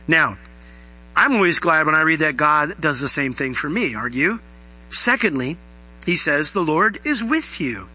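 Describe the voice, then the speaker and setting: A man's voice: normal speed, low-quality recording. A male pastor delivering a sermon, teaching verse by verse and asking the congregation questions. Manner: animated preaching, rising pitch on questions.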